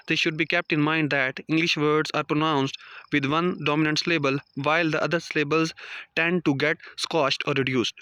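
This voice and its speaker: Guy lecturing from notes, bright crisp voice, dry close sound. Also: a little high, dry recording. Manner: reads out numbered points, non-native phrasing. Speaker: teacher. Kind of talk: read-aloud lecture.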